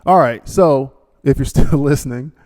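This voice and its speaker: A man's voice: medium pitch, moderate pace, a little mellow. A man hosting a podcast in a rambling, joking monologue, full of fillers and asides. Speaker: podcast host. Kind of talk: casual monologue with a read sponsor ad.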